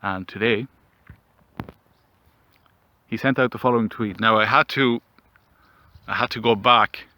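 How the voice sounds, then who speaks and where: A man delivering a mock-dramatic comedic monologue outdoors, mock-solemn and rambling, with theatrical pauses. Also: lowish voice, pushed and bright. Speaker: commentary vlogger.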